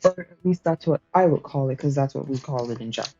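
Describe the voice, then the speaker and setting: A woman's voice: extremely low pitch, fast talker, dark tone. A woman streamer casually explaining language points to her chat, chatty, with lots of fillers, laughs and swearing. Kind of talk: casual study-stream teaching. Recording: slightly dull, dry home stream mic with faint music.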